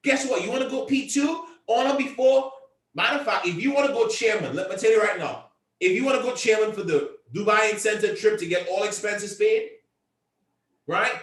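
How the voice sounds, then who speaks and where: A man with a high, fairly bright voice speaks briskly in an echoey room, picked up by a distant mic. His motivational pep talk to a convention call is emphatic and repetitive, with his voice often rising as he leads the team.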